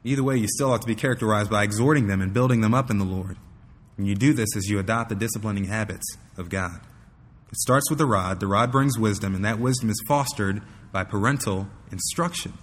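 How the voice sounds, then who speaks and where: A man's voice: on the low side, a little fast, breathy edge. Man preaching in a reverberant hall. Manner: earnest teaching with a personal story. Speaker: pastor. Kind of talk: sermon.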